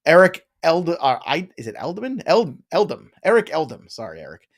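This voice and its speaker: A middle-aged man hosting a live fantasy football question show, reading viewer questions aloud in a quick, jokey way. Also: on the high side, wildly swooping pitch. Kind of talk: live Q&A chat.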